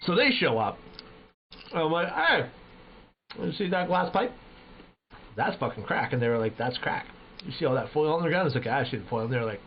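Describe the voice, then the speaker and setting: A man streaming live, telling a profane story in a lively, animated way. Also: medium pitch, fast. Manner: animated, profane, loud when acting out his own shouts. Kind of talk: casual storytelling to a live chat. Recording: dull lo-fi stream audio with faint noise.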